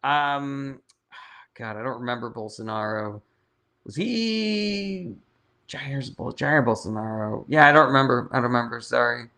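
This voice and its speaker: Bright-voiced, blunt, profane man. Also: mid-range voice, measured pace. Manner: blunt, profane, reads viewer comments aloud. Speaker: political livestream host. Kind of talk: casual livestream Q&A.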